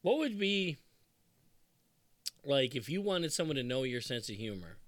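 Podcast co-host, man, thirties, animated and quick to laugh, mid pitch, dry close mic. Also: no echo. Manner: animated, quotes movie lines in put-on voices, laughs often. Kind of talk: casual chat.

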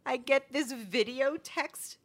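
A woman co-hosting a casual podcast chat, telling animated stories and acting out the people she quotes. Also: sits high, takes it slowly. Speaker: podcast co-host.

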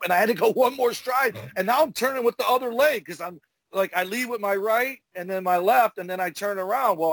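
A man, a former wrestler, telling profane, animated stories in casual podcast chat. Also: high voice, creaky, no room sound. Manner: profane, animated storyteller acting out moves. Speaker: retired pro wrestler, podcast host.

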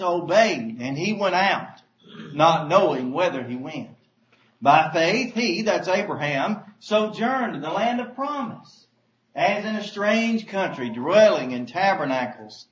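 A man preaching a sermon, reading scripture aloud and stressing key words slowly. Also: high voice, a bit bright. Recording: roomy, dull, faint hiss.

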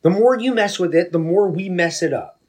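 A man's voice: high voice, normal speed, darkish tone, rough recording. A man in a casual faith discussion presses his argument insistently. He repeats and restarts phrases as he builds his case.

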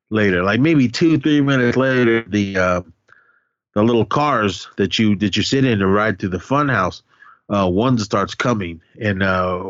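A man with a fairly low voice tells a movie plot in loose, rambling chat, breaking into voiced shouts and swears. The sound is dry and close. It is also dull and lo-fi. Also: dry recording. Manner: rambling, animated retelling with voiced reactions and cursing. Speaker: podcast co-host recapping a film. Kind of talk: casual chat.

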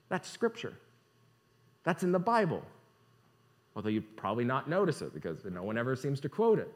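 A man's voice: medium pitch, huge pitch swings, normal speed, long pauses. A man preaching a sermon, asking rhetorical questions and reading scripture aloud.

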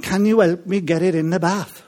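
A man putting on a Welsh accent to voice an excitable Welsh man in a funny story, loud and emphatic. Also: high voice, normal speed. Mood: insistent.

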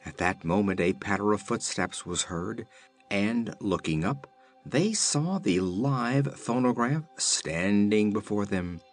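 A man's voice: fairly low pitch, expressive, slow pace, faint music behind. A man reading a children's fantasy book aloud as narrator. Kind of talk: audiobook narration.

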